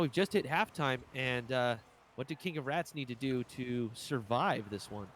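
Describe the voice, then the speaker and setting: Excitable male esports caster. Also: normal speed, a little hiss or hum. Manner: excitable jumps in pitch, jokey asides. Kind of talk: live esports commentary.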